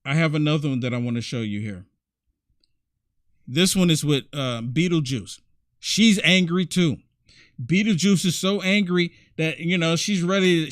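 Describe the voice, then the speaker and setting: Mocking high-voiced male commentator. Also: a bit bright, no echo, clean studio sound. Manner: mocking, repetitive, many "I mean"s. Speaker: commentary show host. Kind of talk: political commentary monologue.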